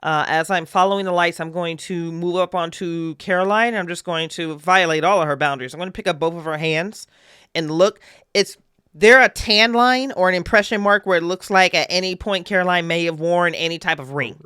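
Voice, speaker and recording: Intent player with a smooth dry voice. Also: mid-range voice, bright, forceful tone, dry recording. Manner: quick questions, intent, planning actions aloud. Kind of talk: in-character roleplay in a horror game.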